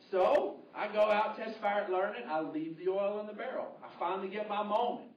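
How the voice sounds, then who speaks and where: A man preaching a sermon as pastor, telling a story with lively, shouted bursts. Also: high voice, moderate pace, hardly any pauses. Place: church hall. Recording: roomy, muffled, distant hall audio.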